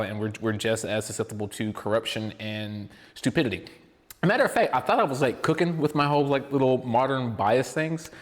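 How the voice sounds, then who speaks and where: A man co-hosting a podcast in casual chat, rambling and excitable, prone to tangents. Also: mid-range voice, big-room sound. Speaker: podcast co-host.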